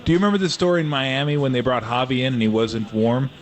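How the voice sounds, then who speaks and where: A man's voice: mid-range voice, steady tone, fast talker. A male sports radio host with a mid-range voice. He asks questions in an easygoing, conversational way, loose and friendly in his phrasing. He sounds like a regular host leading a studio chat. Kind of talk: radio talk show interviewing.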